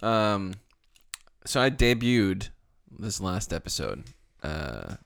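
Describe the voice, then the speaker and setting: A man's voice: deep voice, sing-song, takes it slowly, gravelly, a bit bright, no echo, studio quality. A man co-hosting a comedy podcast, chatting casually and rambling a little with fillers. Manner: rambling, fillers while reading posts aloud. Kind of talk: casual banter.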